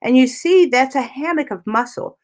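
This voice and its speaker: A woman's voice: high voice, moderate pace. A woman physical therapist explaining anatomy step by step on a talk radio show, often checking in with "right?" and "you know".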